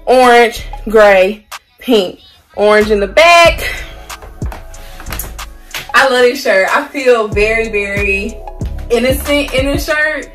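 A young woman talks casually and playfully to her viewers, full of slang and easy humor. Her voice sits a little high and she takes her time. She is heard from a distance in a roomy space, with faint music playing behind her. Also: animated, slow pace, pauses often. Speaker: haul vlogger. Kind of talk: casual clothing haul chat. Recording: roomy sound, mic at a distance, soft music.

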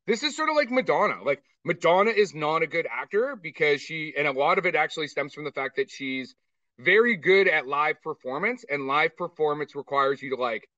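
A man co-hosting a podcast chats casually while reviewing a movie, ranting animatedly and swearing. His voice is fairly high, with no echo. The mic sounds distant and the audio dull.

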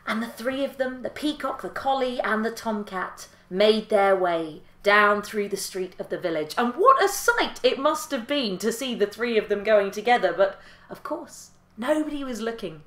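Woman storyteller, lilting and expressive, fairly high voice, roomy echo. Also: normal speed. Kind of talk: told folk tale.

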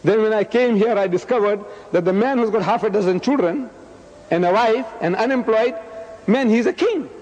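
A man in his seventies from South Africa, giving a public lecture in a loud, emphatic voice. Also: high-pitched, normal speed, slight background noise. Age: 70s. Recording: dull lo-fi recording with long hall reverb.

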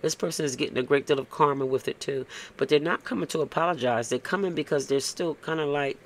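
A man's voice: on the high side, fast talker, a little hiss or hum. A man giving a casual, blunt tarot reading, tagging "okay?" onto his points and cursing freely. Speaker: tarot reader.

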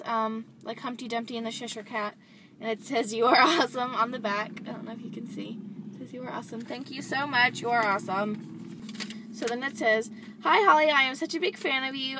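A young woman talking in a bubbly, chatty way, full of "like" and "really," with a fairly high voice. She records a casual unboxing vlog inside her parked car, from a camera set on the dashboard. A faint hum sits behind her. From United States. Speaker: vlogger. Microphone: handheld camera set down on the dashboard.

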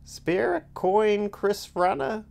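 A man's voice: sits high, expressive, darkish tone, voice pushed up, exaggerated voice. Man playing a wheezing old beggar, cryptic. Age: older. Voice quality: wheezy, raspy. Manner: slow, knowing warnings.

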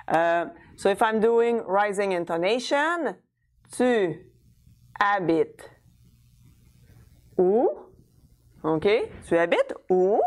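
A woman teaching French grammar in English, patiently checking understanding and sounding out French words slowly. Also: medium pitch. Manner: switches between French and English, says words slowly to model them. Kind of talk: explaining a language lesson.

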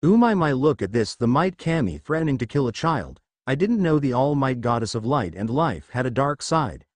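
Guy reading a hot-headed young ninja guy, defiant and mouthy, storybook style, lively voice. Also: mid-range voice, brisk, no echo. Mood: furious taunting. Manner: defiant, taunting.

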